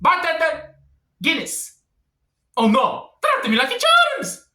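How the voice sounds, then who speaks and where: A cheeky little leprechaun, put on by a man in a mock Irish accent. He leaps up into squeaks in a lively sing-song and sounds very bright. The voice rings in an echoey room. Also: a little slow, exaggerated voice. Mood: mischievous.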